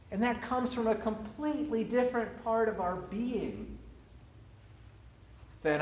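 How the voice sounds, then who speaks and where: Reflective preacher in an echoey room. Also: male voice, high voice, lively intonation, slow, a little mellow, slight background noise. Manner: reflective, personal, storytelling. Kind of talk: sermon.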